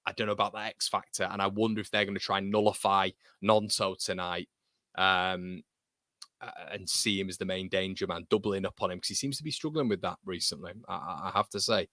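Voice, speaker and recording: A young man from England hosting a live football watchalong, chatting excitedly, reading out viewer comments and calling people mate. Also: on the low side, dry recording, studio quality.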